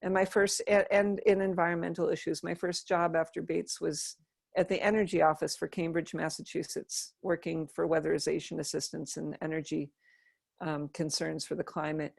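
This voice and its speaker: A middle-aged American woman, a Buddhist nun, telling her life story in an interview in an earnest, soft-spoken way, often restarting her sentences. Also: sits low, little pitch movement, normal speed, gravelly, no room sound, clean studio sound.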